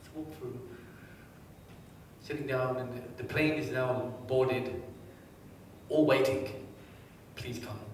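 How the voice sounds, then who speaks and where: A man giving a live seminar, quizzing the audience and telling anecdotes in a lively way. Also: mid-range voice, takes it slowly, long pauses, a little hiss or hum. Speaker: motivational speaker. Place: large hall with a live audience. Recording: echoey hall, distant mic.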